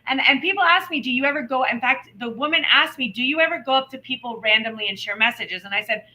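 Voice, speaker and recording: A woman co-hosting a podcast, telling stories in animated casual chat with quick asides. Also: high-pitched, low-quality recording. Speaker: podcast co-host.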